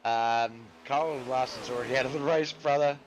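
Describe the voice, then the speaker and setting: This live stream has a man giving laid-back racing league commentary while chatting with his viewers and calling them "brother." He speaks in a mid-range voice at a moderate pace with fairly even intonation, over slight background noise.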